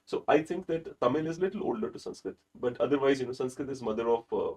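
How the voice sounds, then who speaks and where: A man's voice: medium pitch, expressive, quick pace, a little mellow. A man from India with an Indian accent, hosting an interview podcast in an earnest, lecturing way. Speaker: podcast host. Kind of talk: casual interview chat.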